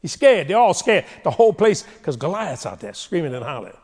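Animated joking preacher in a big hall. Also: male voice, fairly high pitch, brisk, slightly rough. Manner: humorous, animated storytelling. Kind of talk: sermon. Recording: long reverb of a large hall.

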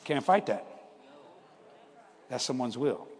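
A man's voice: mid-range voice, lively intonation, slow pace, big-room sound. A man in his seventies preaching a sermon, telling family stories in a folksy, conversational way and laughing at his own tales. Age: 70s. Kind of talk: storytelling sermon.

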